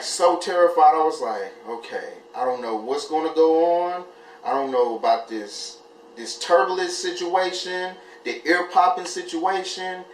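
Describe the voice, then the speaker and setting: Male vlogger, animated storyteller, echoey room with light hiss. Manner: animated, jumps high when acting out his own panic. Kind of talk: casual storytelling. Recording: echoey room, mic at a distance, faint hiss.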